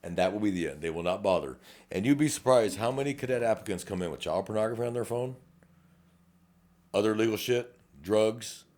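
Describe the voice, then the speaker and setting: A man's voice: lowish voice, brisk, darkish tone. A middle-aged man with a South Texas accent, a police officer co-hosting a casual podcast, blunt and profane, acting out quoted exchanges. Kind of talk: casual chat.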